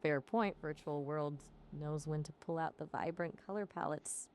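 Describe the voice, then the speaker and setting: A woman's voice: sits low, moderate pace, darkish tone, a little hiss or hum. A synthetic woman's voice acting as an AI companion, chatty and full of playful quips. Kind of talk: conversational AI chat.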